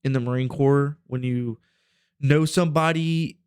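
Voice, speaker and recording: A man's voice: mid-range voice, steady tone, measured pace, darkish tone, clear, resonant tone, no echo, studio quality. A man in his twenties telling a rambling, profane story on a casual podcast. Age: 20s. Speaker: podcast host.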